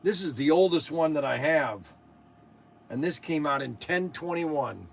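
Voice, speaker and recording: A man hosts a casual livestream and rambles from one story to the next. He laughs at his own anecdotes and often trails off before starting a sentence over. His voice sits a little higher than most men's. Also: expressive, unhurried, creaky, slight background noise. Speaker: livestream host.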